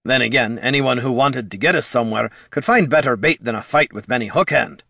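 A man voicing a gruff, blunt male dwarf adventurer who talks in plain, folksy slang, in a dry studio read. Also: mid-range voice, brisk, sharp tone, dry recording.

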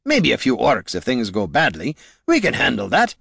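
A man voicing a gruff, stubbornly hopeful veteran dwarf warrior who talks in eager shouts. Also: mid-range voice, moderate pace, no room sound, studio quality, heavily acted. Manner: shouting, excited, burly.

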